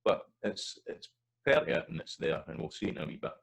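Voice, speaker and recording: A man's voice: a little fast, a bit bright, a little hiss or hum, rough recording. A man with a Scottish accent teaching pronunciation over slides, repeating vowel examples with loose, hesitant asides. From Scotland. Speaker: language teacher. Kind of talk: recorded slide lesson on pronunciation.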